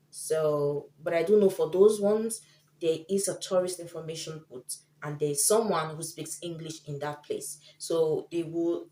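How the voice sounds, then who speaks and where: A woman's voice: deep voice, warm tone. A woman vlogger giving tips in casual chat to camera, chatty and often acting out the people she quotes. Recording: echoey room.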